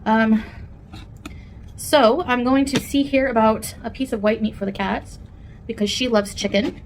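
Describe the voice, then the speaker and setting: Eating at home for a casual mukbang, a female food vlogger chats candidly and wanders from one thought to another. Her voice is fairly high and fairly even in intonation, a little slow, with slight background noise.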